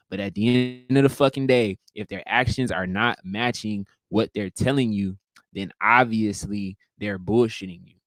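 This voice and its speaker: A man's voice: on the low side, no echo. A man hosting a casual livestream, talking in a profane, emphatic way and acting out greetings. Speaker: livestream host.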